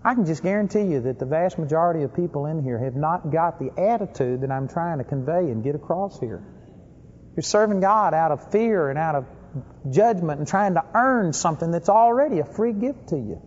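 A man delivering a sermon with a fairly high voice that punches key words and then drops low. The recording is dull and lo-fi, with a long reverb trailing off as if in a large hall. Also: expressive, a little fast. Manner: emphatic, swings between loud stress and low asides. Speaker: preacher.

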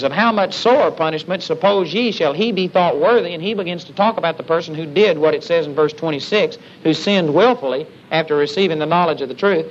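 A man's voice: fairly high pitch, a little fast, few pauses. A man preaching a sermon with emphasis, often calling out "amen?" to the congregation. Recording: dull lo-fi sermon recording with faint hiss.

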